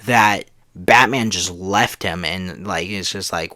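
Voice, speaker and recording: A man's voice: sits low, takes it slowly, few pauses, pushed and bright. Rambling man telling a story. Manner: rambling, full of fillers like "like" and "um". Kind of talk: casual retelling of a made-up movie plot.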